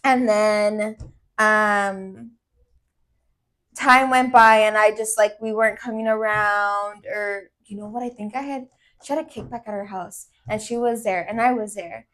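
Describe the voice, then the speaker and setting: A woman's voice: medium pitch, fairly even intonation, a little slow, fairly bright tone. A young woman co-hosting a podcast, telling a personal story in casual chat, candid and swearing, with lots of "like" fillers. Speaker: podcast co-host.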